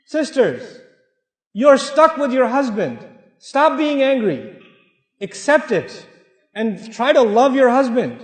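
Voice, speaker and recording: High-voiced man preaching in an echoey hall. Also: big pitch swings, takes it slowly. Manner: direct, joking, repeats for emphasis. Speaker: speaker giving a talk. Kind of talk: sermon to a live audience. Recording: echoey hall, long reverb.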